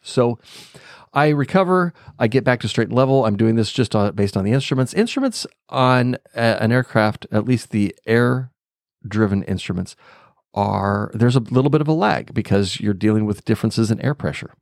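Low-voiced man musing aloud. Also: lively intonation, normal speed, creaky, darkish tone, dry recording, studio quality. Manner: unscripted, thinking aloud with fillers and chuckles. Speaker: podcast host. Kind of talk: reflective storytelling monologue.

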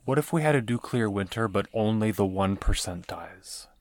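A man co-hosting a podcast, tossing in offhand deadpan asides. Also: on the low side, moderate pace. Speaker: podcast co-host. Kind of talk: casual podcast chat.

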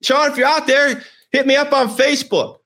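A man's voice: extremely high pitch, steady tone, moderate pace, bright, forceful tone. A middle-aged man hosting a vlog, telling a personal story with emotion, rambling and repeating phrases for emphasis. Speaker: host.

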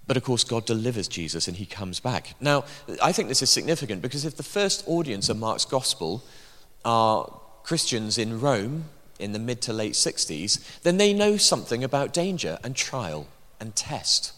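A man's voice: mid-range voice, big pitch swings, moderate pace, a bit bright. A man preaching a sermon in a church, emphatic, with dry asides. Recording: long hall reverb.

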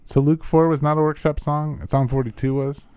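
A man's voice: fairly high pitch, little pitch movement, normal speed, darkish tone, clean tone, dry recording, clean studio sound. A man hosting a church podcast as pastor, interviewing a guest and affirming him with short replies.

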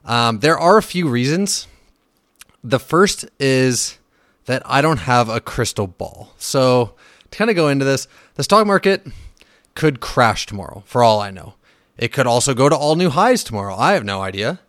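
A man's voice: medium pitch, normal speed, dry recording, clean studio sound. A man hosting a casual solo finance podcast, blunt and profane, ranting with fillers and restarts. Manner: animated when riled, with fillers and restarts. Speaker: podcast host.

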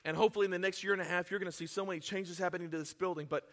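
High, bright-voiced emotional pastor. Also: male voice, fairly even intonation, very fast, a faint crowd, a little hiss or hum. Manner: emotional, swings from quiet to shouting; self-deprecating, laughs at himself. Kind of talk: sermon.

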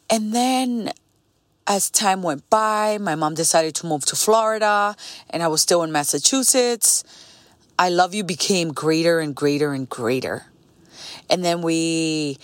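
A woman in her late thirties hosting a podcast. She tells a personal story in an energetic, heartfelt, reflective way, slowing down and pausing on key words. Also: fairly low pitch, no echo. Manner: pauses and slows on key words. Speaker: podcast host.

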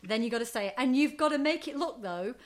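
A woman co-hosting a podcast, chatting casually and acting out quotes in animated high voices. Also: fast. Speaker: podcast co-host. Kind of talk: casual chat.

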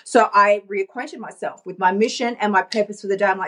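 A woman life coach giving a casual, animated motivational talk into her phone, chatting and laughing often. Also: mid-range voice, a little fast, few pauses. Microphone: talking into her phone.

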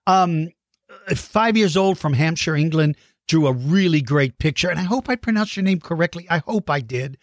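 A middle-aged man chatting warmly to young viewers about their drawings, enthusiastic with playful mock-outraged outbursts. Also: fairly high pitch, lively intonation, normal speed, dry recording, clean studio sound. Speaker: kids' dinosaur channel host. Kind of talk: casual chat to young viewers.

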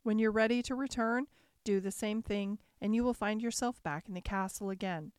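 A woman voicing a gentle, lovelorn male beast in a storybook reading, speaking softly and kindly. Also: mid-range voice, normal speed, clean tone, dry recording, clean studio sound, natural voice. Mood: grave. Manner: gentle, soft-spoken.

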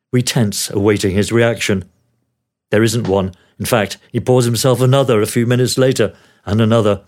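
An older Australian man, once a news producer, reads from his memoir about his career. His narration is relaxed and pitched in a normal middle range. He tells it with a wry, dry humor.

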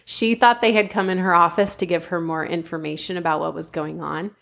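A woman's voice: on the low side, fairly even intonation, a little fast, creaky, a bit bright. A woman host telling a true-crime story in a casual, chatty way, often laughing and saying "like". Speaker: podcast host.

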